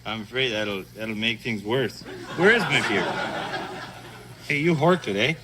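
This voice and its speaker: A man's voice: medium pitch, lively intonation, a little slow, noisy background, natural voice. A man playing a groggy, whiny Canadian brother. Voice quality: whiny drawl ending lines with 'eh'. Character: groggy half-awake Canadian brother who wants his beer.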